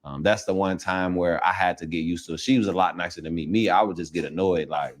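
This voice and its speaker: A man's voice: sits low, steady tone, quick pace. A young man talking as an interview guest in a laid-back way, using casual slang and many fillers. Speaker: interview guest, football player. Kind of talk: relaxed interview conversation.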